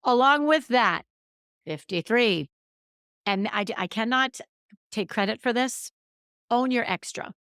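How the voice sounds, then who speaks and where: A woman's voice: fairly high pitch, animated, a little slow, pauses often, fairly bright tone, clean tone, dry recording, clean studio sound. A middle-aged woman hosting a solo podcast, talking candidly and emphatically, with a self-deprecating streak. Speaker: podcast host. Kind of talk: casual solo podcast monologue.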